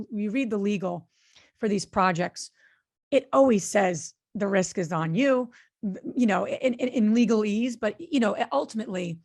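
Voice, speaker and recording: Earnest woman with a creaky voice. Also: medium pitch. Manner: earnest storytelling with frequent fillers and restarts. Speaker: podcast co-host and real estate investor. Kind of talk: casual podcast conversation.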